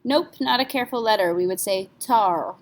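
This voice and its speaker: A woman teaching a French pronunciation lesson in a slightly high voice. She explains patiently and spells words out letter by letter for her learners. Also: fast.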